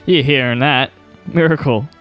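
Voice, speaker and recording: Man, comedy podcast co-host, rambling, hesitant, wry, mid-pitched voice. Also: moderate pace, a bit bright, faint music behind. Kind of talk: improvised comedy podcast chat.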